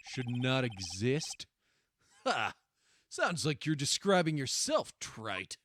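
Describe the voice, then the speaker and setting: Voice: mid-range voice, big pitch swings, slow pace, fairly bright tone, soft background music. A game streamer reading dialogue aloud and joking around, playful, swearing often, trying out silly voices. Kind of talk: casual gameplay commentary reading dialogue aloud.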